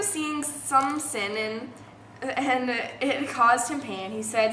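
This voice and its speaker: A young woman from Colorado reads children's poems aloud with a high, bright voice and plenty of expression, tripping on a word here and there. The recording sounds like an echoey room with a faint hiss behind her. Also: takes it slowly. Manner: expressive, stumbles over words now and then.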